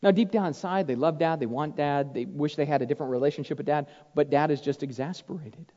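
A man preaching a sermon to fathers, stressing points loudly and then dropping to hushed asides. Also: a little high, quick pace. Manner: emphatic, swings between loud stress and hushed asides. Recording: echoey hall, dull sound.

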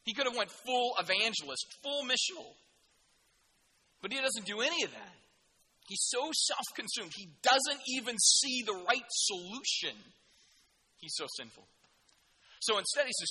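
A male preacher delivering a sermon in an animated, jokey, conversational way. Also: high voice, normal speed, long pauses, breathy edge, long reverb tail.

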